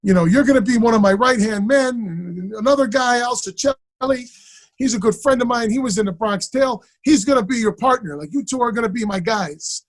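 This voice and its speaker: A man's voice: extremely high pitch, a little fast, pitched above the performer's own voice. A man putting on the voice of an older, easygoing streetwise actor who downplays everything, in a casual friendly manner. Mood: upbeat.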